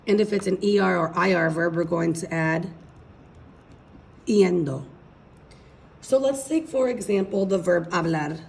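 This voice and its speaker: A woman's voice: fairly low pitch, normal speed, creaky, hardly any pauses, slight background noise. A woman teaching a recorded language lesson, explaining patiently step by step and checking in with her students. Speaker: Spanish teacher.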